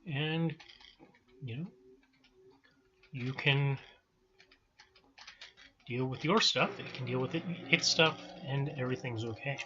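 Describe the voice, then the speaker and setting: Man, game commentary, bright clear tone, relaxed thinking aloud, slightly dull recording with faint hiss. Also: mid-range voice, takes it slowly, long pauses. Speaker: let's-play host. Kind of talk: casual gameplay commentary.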